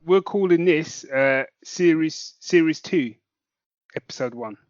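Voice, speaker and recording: A man's voice: fairly high pitch, measured pace, no room sound. Man co-host, easygoing and wry, tangents welcome, dull close recording. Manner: dry, laid-back, rambling. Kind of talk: casual chat.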